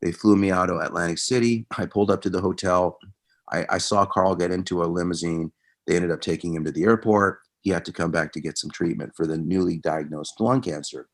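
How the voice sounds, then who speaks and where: Man, middle-aged, musician guest, low gravelly voice, casual storytelling. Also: fairly quick. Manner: animated anecdotes, reenacting conversations; subdued, reflective when recalling loss.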